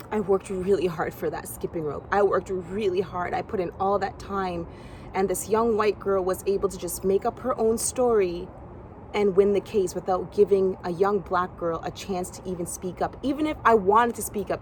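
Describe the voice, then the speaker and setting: A young woman from Canada telling a personal story from her gymnastics past, acting out other people's lines in a higher voice. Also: slight background noise.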